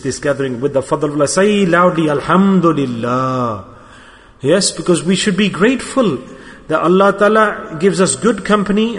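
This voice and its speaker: High-voiced man preaching in an echoing hall. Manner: impassioned, repetitive rhetorical questions. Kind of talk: sermon. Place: mosque gathering.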